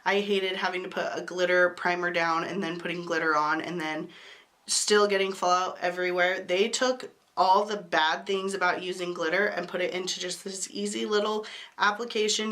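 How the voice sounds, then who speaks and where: A beauty YouTuber reviews makeup to camera, chatty and enthusiastic despite a voice sick from a cold, adding apologetic asides. Her voice is on the low side with a fairly bright tone.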